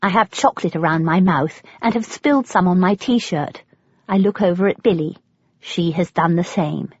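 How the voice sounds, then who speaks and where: A woman with an English accent narrating an audiobook in first person, wry and lively. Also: lowish voice, normal speed, slightly rough, no echo. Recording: dull, lo-fi, dry.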